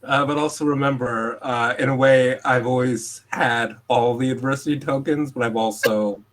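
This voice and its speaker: A man playing a tabletop role-playing game, making jokey, deadpan quips. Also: mid-range voice, normal speed. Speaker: player. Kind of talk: casual tabletop game chat.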